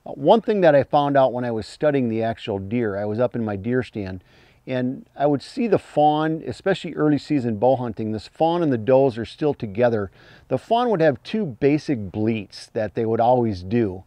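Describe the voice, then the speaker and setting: A man teaching hunting calls in a plain-spoken, folksy way, breaking into high imitated fawn cries as he explains. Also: lively intonation, moderate pace, mellow, no echo. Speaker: hunting call instructor. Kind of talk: instructional talk.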